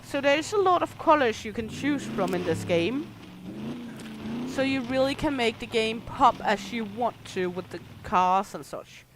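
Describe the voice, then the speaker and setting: Casual livestream commentary, woman with danish as first language, a bit high-pitched, game noise clearly heard behind. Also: expressive, unhurried. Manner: explaining game features, listing items. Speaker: streamer. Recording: noisy game audio behind.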